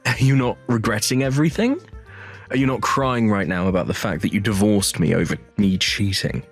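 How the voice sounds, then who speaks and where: Man playing a smug, low-voiced, cheating CEO ex for a story drama. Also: brisk, faint music behind. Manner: smug, mocking, chuckling.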